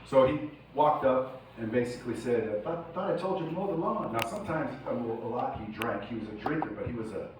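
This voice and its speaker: A man with a mid-range, animated voice speaks fairly quickly over background noise. He's a keynote speaker giving a casual, profane motivational talk to a live audience in a large indoor event hall, telling stories and laughing often, recorded from far off in an echoey space.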